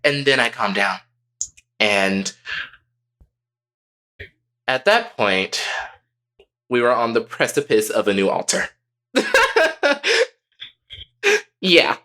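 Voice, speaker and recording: Lively, bright-voiced young man. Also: mid-range voice, slow pace, pauses often. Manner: profane, animated retelling. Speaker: podcast co-host. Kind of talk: candid storytelling.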